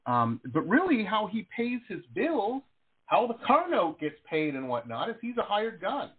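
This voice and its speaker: Husky man hosting a phone-in radio show. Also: high-pitched, huge pitch swings, moderate pace. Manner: enthusiastic, rambling with many fillers. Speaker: host. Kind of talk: casual radio talk show interview. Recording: phone-like radio talk line.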